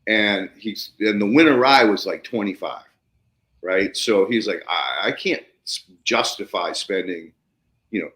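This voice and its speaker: A man hosting a podcast, telling stories casually and animatedly, swearing freely and jumping up in pitch when he acts out excitement. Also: unhurried. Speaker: podcast host. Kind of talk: casual storytelling conversation. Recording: roomy echo.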